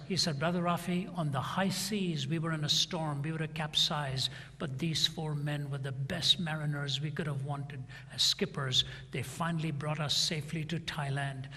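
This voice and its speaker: A man's voice: on the high side, steady tone, moderate pace, few pauses, bright, forceful tone, slightly rough. A middle-aged man preaching a sermon, retelling a story and acting out both sides of a conversation. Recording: long hall reverb.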